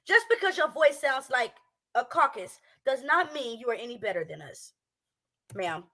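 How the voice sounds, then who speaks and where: Brash, high, bright-voiced woman ranting. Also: animated, normal speed, slight background noise. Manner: brash, profane, heated ranting. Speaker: reaction commentator. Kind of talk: casual reaction commentary. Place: home, a townhouse. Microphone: streaming setup with speakers playing a clip.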